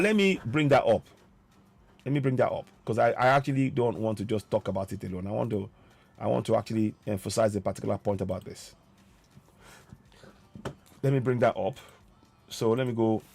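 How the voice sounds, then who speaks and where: A man delivering an impassioned political monologue, forceful and repetitive, with a preaching cadence. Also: a little high, dry recording. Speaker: political commentator.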